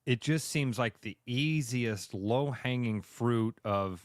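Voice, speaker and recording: A male sports radio co-host in casual chat, animated, acting out fans' reactions in quick voices. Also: medium pitch, no room sound, studio quality.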